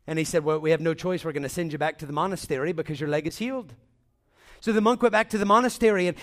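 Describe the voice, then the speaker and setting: High-voiced man preaching a dramatic sermon. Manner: dramatic swings from loud to hushed, repeats words. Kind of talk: sermon storytelling.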